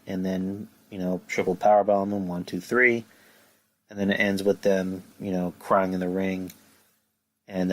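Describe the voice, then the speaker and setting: Brief: profane podcast host, lowish bright voice, rambling and worked up. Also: male voice, rough recording. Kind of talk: casual wrestling review podcast.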